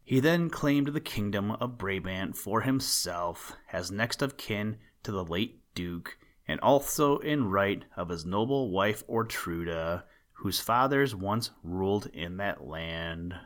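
Slow, low-voiced man reading a tale. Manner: calm, measured storytelling. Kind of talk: storybook reading.

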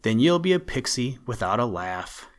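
A man voicing an old, white-haired male pixie fiddler in a storybook, speaking slowly and solemnly. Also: medium pitch, very animated, natural voice. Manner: slow, solemn.

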